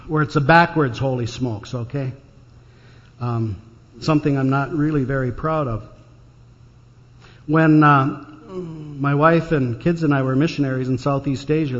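A man's voice: fairly high pitch, a bit bright. An older man preaching a storytelling sermon, folksy and anecdotal, with dry jokes. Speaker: pastor. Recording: dull sound in a reverberant church hall.

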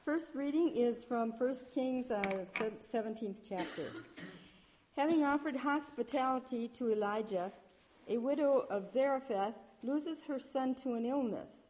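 A woman reading scripture aloud at a church service, measured, with small slips and restarts. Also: sits high, darkish tone, a little hiss or hum. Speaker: lector.

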